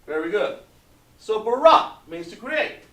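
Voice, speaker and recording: A man teaching an online language class, patient and repetitive, drawing out words slowly to model pronunciation. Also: high voice, sing-song, pushed and bright, recorded from a distance. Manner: patient, repeats points, drawn-out slow pronunciations. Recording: echoey room, voice away from mic.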